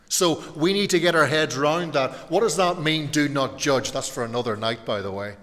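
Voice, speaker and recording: A man preaching an evening sermon, slow and deliberate, often putting questions to his listeners. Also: a little high, expressive, a bit bright, long reverb tail. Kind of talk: evening sermon on a Bible passage.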